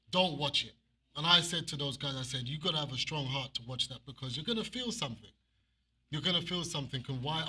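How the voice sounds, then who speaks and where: A man's voice: fairly high pitch, bright, forceful tone, breathy edge. A man preaching an impassioned, emotional sermon as minister.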